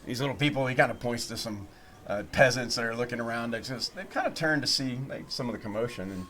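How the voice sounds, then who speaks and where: A man narrating a tabletop game as game master, at an ordinary middle pitch. He talks loosely and rambles, filling gaps with "um" and "uh" as he sets the scene. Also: animated, fast talker, fairly bright tone. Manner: rambling, loose, with many fillers.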